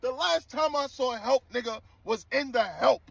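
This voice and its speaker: A man with a high, light voice tells a backstage story in rough street slang. He talks in a loose, animated, profane way, quick to get worked up. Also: heavy background noise. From New York. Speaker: DJ telling a story. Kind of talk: casual storytelling clip.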